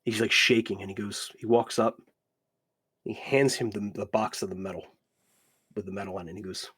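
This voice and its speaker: Husky-voiced man narrating a tabletop game. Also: fairly low pitch, fairly even intonation, a little fast, long pauses, fairly bright tone. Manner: rambling, repeats "you watch" and "literally". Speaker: dungeon master.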